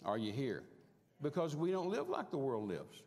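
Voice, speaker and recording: Gravelly older preacher in a reverberant hall. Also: male voice, on the high side, huge pitch swings, moderate pace, a little mellow. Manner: folksy, stammers and repeats words, chuckles while telling. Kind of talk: storytelling sermon. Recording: long reverb of a large hall.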